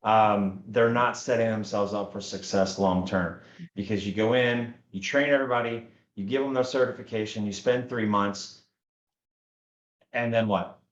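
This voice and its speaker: Earnest low-voiced man in an echoey room. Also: moderate pace. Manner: earnest, repeats words while he searches for them. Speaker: Scrum Master and podcast co-host. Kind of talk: casual conversational podcast. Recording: dull lo-fi audio in an echoey room.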